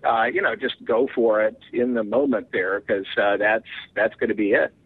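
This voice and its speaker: A man's voice: fairly low pitch, fairly even intonation, normal speed, crowd noise. A man being interviewed as a guest, rambling and filling his talk with "you know". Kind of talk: casual phone interview. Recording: tinny phone line.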